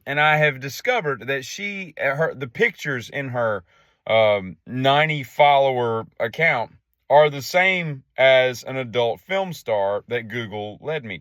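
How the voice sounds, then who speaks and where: A man's voice: medium pitch, fairly bright tone, no echo. A man telling a story in a casual monologue, sarcastic and dry in his asides. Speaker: vlogger.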